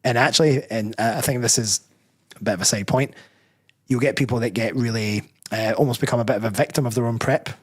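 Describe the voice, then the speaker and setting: A man's voice: mid-range voice, quick pace, breathy edge. A man with a Scottish accent, a personal trainer talking as a guest in a casual interview, reflective and rambling, often correcting himself mid-sentence. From Scotland.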